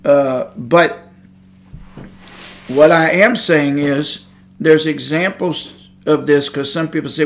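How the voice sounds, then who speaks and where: A man preaching a podcast sermon in a folksy drawl, his voice sitting high for a man. He talks straight into the microphone, speaking plainly and with emphasis, and pushes hard with fervent intensity. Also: fairly even intonation, takes it slowly, long pauses. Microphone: studio microphone.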